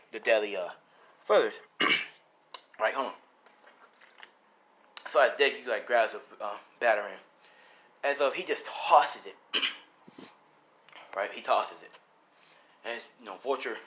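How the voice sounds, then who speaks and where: A man's voice: medium pitch, a bit bright. A man casually making up and narrating a fan story, rambling with many fillers. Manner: rambling, full of "you know" and "like".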